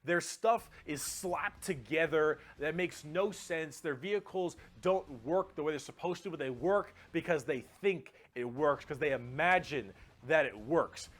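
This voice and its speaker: A man hosting a reaction video with excitable, profane and goofy casual commentary. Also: a little high, measured pace.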